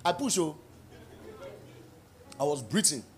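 A middle-aged man preaching a sermon at a church service, acting out quotes and shouting at his peaks. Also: fairly high pitch, sing-song, takes it slowly, slight background noise. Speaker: pastor.

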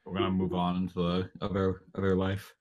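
A man on a casual podcast, dropping slow, drawn-out remarks. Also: sits low, monotone, a little mellow, no room sound, lo-fi sound.

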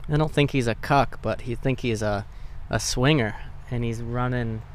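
Deadpan man tossing in crude jokes. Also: medium pitch, moderate pace, a little hiss or hum. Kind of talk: casual chat.

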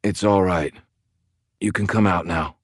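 A man voicing a weak, injured young male vampire who speaks feebly and quietly in a deep voice. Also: normal speed, no echo, studio quality. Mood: weary.

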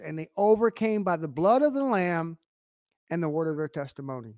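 A man preaching an online sermon to camera, emphatic, asking rhetorical questions and swinging from quiet to loud. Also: a little high, expressive, a little fast, dry recording, clean studio sound.

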